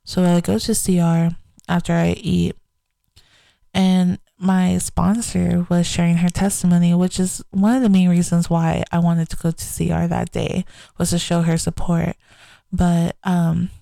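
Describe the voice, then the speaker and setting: A woman's voice: lowish voice, vocal fry, mellow, dry recording. A young adult woman hosting a faith podcast, talking candidly and reflectively in a casual way. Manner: candid, reflective, slow-paced. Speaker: podcast host.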